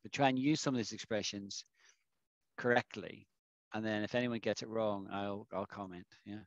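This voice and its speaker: A man's voice: lowish voice, steady tone, normal speed, no echo, lo-fi sound. Man teaching an online English class. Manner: explanatory, asks the class questions. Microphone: video call.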